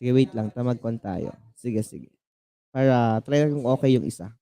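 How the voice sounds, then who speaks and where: A man from the Philippines with a Filipino accent, teaching an online class in a halting way, full of fillers and restarts. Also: medium pitch, warm tone. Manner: code-switching, halting with many fillers and restarts.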